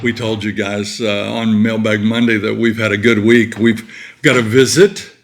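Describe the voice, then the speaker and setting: A man's voice: lowish voice, fairly even intonation, normal speed, over music. An older man co-hosting a casual chat show with his wife, joking in a folksy way and reading viewer mail aloud. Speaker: co-host of a retiree channel.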